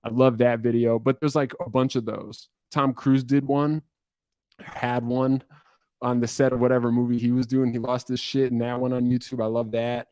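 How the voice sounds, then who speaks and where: A young man from New Jersey chats through viewer questions in a loose, rambling way. He swears freely and pokes fun at himself. His voice is mid-pitched, and it sounds dry and close with no room echo. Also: flat delivery, moderate pace, warm tone, clean tone. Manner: rambling, profane, self-deprecating. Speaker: musician answering viewer questions. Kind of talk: casual livestream Q&A.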